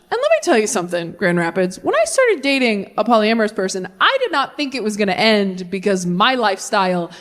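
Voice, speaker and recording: A woman in her twenties doing a stand-up set on stage, talking to the crowd with quick asides and sudden high swings for punchlines. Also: a bit bright. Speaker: stand-up comedian. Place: large venue before a live audience.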